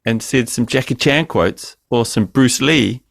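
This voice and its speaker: A man's voice: medium pitch, measured pace, vocal fry, fairly bright tone, dry recording. A man co-hosting a podcast over a remote call, ranting crudely and joking in casual banter. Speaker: podcast co-host.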